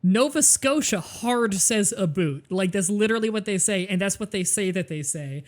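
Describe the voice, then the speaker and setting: A man's voice: sits high, moderate pace. A young man with a Southern Ontario Canadian accent, chatting casually and laughing easily while he streams a game. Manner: chatty, lively, laughs easily, explains at length. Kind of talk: casual gaming commentary.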